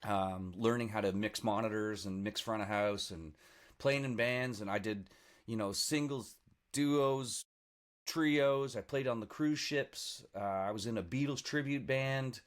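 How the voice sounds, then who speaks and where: A man in his forties from the Niagara region, a guest musician telling stories in a lively, self-mocking way on a casual podcast. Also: on the low side, measured pace. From Niagara region, Canada. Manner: animated, self-mocking storyteller with laughs.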